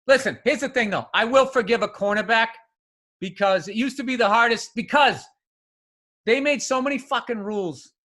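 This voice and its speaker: High, bright-voiced ranting man. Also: normal speed. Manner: profane, ranting, heated. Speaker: podcast co-host. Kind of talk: casual chat.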